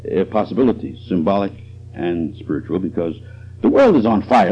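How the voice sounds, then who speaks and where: A man's voice: lowish voice, sing-song, fairly quick, warm tone, husky. A man preaching a sermon, with chuckling asides and emphasis that swells and drops. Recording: dull lo-fi recording.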